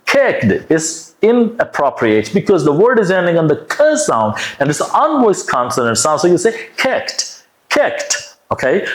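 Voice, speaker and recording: Male pronunciation teacher, slow and drawn out, lively pitch, echoey room. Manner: slow, exaggerated, repeats words for learners to copy. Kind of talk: pronunciation lesson with drills.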